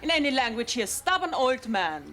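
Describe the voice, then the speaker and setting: An actress playing a firm but kind German hospital nurse, speaking broken English with a German accent. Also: female voice, high-pitched, sing-song, brisk, a bit bright, a little hiss or hum. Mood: earnest. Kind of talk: television drama acting.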